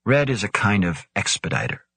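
A man doing a guarded, hushed scientist. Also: on the low side, very animated, fairly quick, slightly rough, dry recording, exaggerated voice. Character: cautious, measured male scientist.

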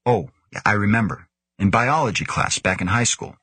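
A man's voice: fairly low pitch, normal speed, pushed and bright, breathy edge, no room sound. A man reading the part of an earnest, curious young male newcomer aboard a space station. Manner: earnest, questioning.

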